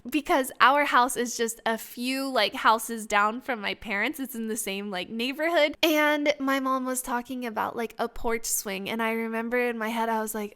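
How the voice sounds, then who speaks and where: Young woman podcaster, high voice, chatty storytelling, lots of "like". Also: moderate pace, a bit bright, clean tone. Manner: chatty, emotional, many "like" fillers. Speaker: podcast host. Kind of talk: casual storytelling.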